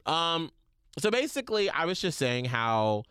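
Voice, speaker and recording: Man, 30s, podcast host, animated storyteller, smooth voice, dry studio sound. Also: a little high, a little slow, dry recording. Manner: chatty, animated storytelling with acted-out quotes. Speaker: radio morning show host. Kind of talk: casual podcast chat.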